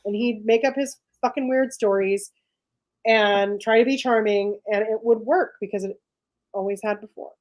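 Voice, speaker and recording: A woman's voice: fairly high pitch, fairly even intonation, normal speed, a little mellow. A woman co-hosting a podcast in casual chat, emphatic and profane, laughing as she talks. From family from the Azores, Portuguese heritage. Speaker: podcast co-host.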